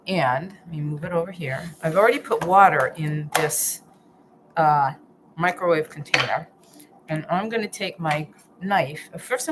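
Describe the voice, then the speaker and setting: A woman's voice: low-pitched, background noise. A woman hosting a live cooking stream from her home kitchen, chatting casually and thinking aloud as she chops, with restarts and pleased hums as she tastes. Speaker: healthy-eating coach hosting a live stream.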